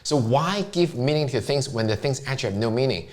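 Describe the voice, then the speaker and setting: A man's voice: mid-range voice, animated, fairly quick, a little mellow. A middle-aged man with a Chinese accent, giving an earnest motivational talk as a self-help vlogger and often asking himself questions.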